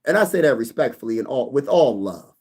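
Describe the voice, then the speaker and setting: A young man hosting a casual sports live stream, reading viewer comments and bantering back with lively energy. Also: mid-range voice, brisk, husky. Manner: animated, reads chat comments aloud and banters. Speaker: sports YouTube host.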